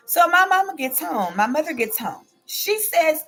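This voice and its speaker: High-pitched and sharp-toned, she talks with great animation at a moderate pace, barely pausing. A chatty host in her forties, she tells viewers a story on her casual show and reads out answers to their comments, often adding "okay?" and "baby."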